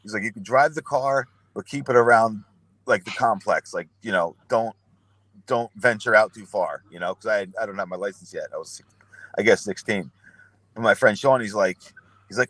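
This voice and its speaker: A man's voice: lowish voice, moderate pace, fairly bright tone, dry recording. A young man telling rambling, profane stories and acting out what people said. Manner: profane, rambling anecdotes with acted-out quotes. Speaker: podcast guest. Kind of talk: casual storytelling.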